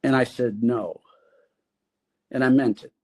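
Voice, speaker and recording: A man telling his recovery story as a podcast guest, candid and halting, with pauses. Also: medium pitch, warm tone.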